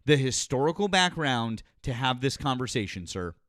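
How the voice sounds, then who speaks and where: A man's voice: mid-range voice, very animated, normal speed, fairly bright tone, no room sound, clean studio sound. A young man hosting a call-in show, blunt and combative, swearing often in a heated debate.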